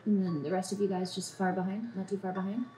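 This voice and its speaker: A woman narrating a tabletop game as dungeon master, in descriptive, sometimes halting narration. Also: medium pitch, level tone, dark tone, faint music behind.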